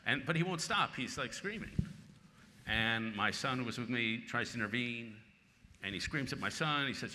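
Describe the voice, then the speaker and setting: A man's voice: medium pitch, moderate pace. A man in his sixties answering audience questions at a conference, telling stories with bursts of laughter. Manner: lively anecdotal storytelling with bursts of laughter. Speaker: featured speaker, columnist. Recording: long reverb in a large hall with faint noise.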